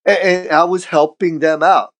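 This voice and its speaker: A middle-aged man, a street artist guest on a podcast, telling stories in a casual, profane, animated way and acting out what people said. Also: fairly high pitch, moderate pace. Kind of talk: casual storytelling chat.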